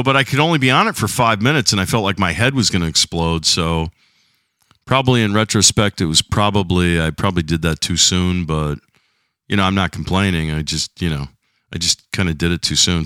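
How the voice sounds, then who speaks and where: A man's voice: lowish voice, bright, forceful tone, no echo, studio quality. A middle-aged man hosting a casual solo podcast, rambling and chatty with a slight lingering cough. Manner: rambling, chatty, self-deprecating. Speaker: podcast host.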